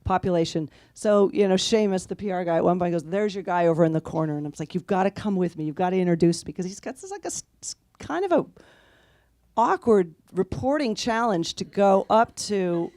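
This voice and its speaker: A woman author, appearing as a guest in an interview, tells anecdotes with lively energy and quotes the people she met, laughing as she does. Her voice sits on the low side and her pace is brisk. The recording has no room sound.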